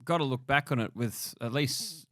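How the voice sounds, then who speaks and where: A man hosting a podcast, asking relaxed questions with plenty of fillers. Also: mid-range voice, moderate pace, no echo, studio quality. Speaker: podcast host. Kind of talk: casual interview.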